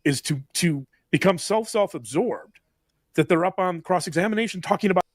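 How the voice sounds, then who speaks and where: A man gives heated commentary on a true crime show, animated and indignant, stumbling through restarts as he builds his point. His voice sits a little high for a man. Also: a little fast, no room sound, clean studio sound.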